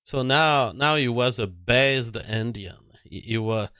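A man's voice: mid-range voice, slow, bright, forceful tone, smooth, no room sound, studio quality. A man telling a rambling story to his audience, often restarting his sentences. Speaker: commentator.

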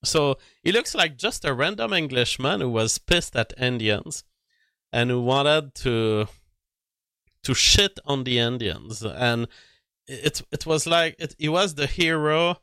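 A man's voice: medium pitch, lively intonation, takes it slowly, pushed and bright, no echo, clean studio sound. A man telling a rambling story to his audience, often restarting his sentences. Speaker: commentator.

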